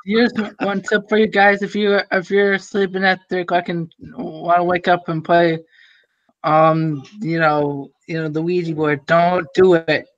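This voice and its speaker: A young man in casual group voice chat, rambling and halting, full of fillers and restarts. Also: sits high, flat delivery, no echo. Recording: dull lo-fi voice chat audio.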